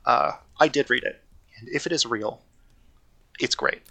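A man's voice: medium pitch, measured pace, vocal fry, sharp tone. A man co-hosting a casual podcast, talking eagerly and rambling, often correcting himself. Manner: enthusiastic, rambling, self-correcting. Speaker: podcast co-host.

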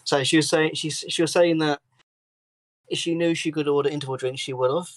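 A man's voice: fairly high pitch, a little fast, no room sound, low-quality recording. A man co-hosting a podcast, telling workplace stories in casual chat and swearing freely. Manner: swears freely, animated storytelling. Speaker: podcast co-host.

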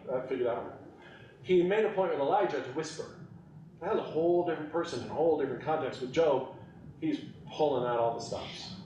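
Man, informal teaching, animated, laughs often, echoey room, distant mic. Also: a little high, a little hiss or hum. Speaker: podcast host teaching on scripture.

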